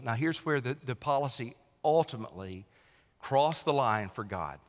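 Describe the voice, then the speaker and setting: A man preaching from the pulpit with a middle-pitched voice, rising loud on key lines and dropping to a hush for weight. His sermon rings out with a long reverb tail that fills the church hall. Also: lively intonation, normal speed. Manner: preaching with wide swings in loudness, dropping low and quiet for emphasis. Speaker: senior pastor. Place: church sanctuary.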